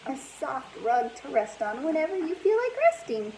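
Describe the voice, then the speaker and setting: A woman's voice: high voice, big pitch swings, normal speed, a little mellow, slight background noise, voice pushed up, rough recording. A woman voicing a bold, no-nonsense little girl who bargains firmly. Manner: firm, bargaining.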